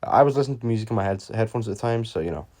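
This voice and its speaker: A man's voice: lowish voice, expressive, rapid-fire, a little mellow. A young man telling a story time video in a casual, rambling way, full of fillers and swearing. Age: young adult. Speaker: YouTuber.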